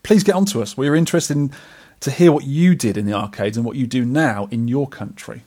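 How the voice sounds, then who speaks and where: A middle-aged man co-hosting a podcast in casual, rambling chat. He talks at an everyday middle pitch with a self-deprecating, chatty manner. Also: a little fast, warm tone. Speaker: podcast co-host.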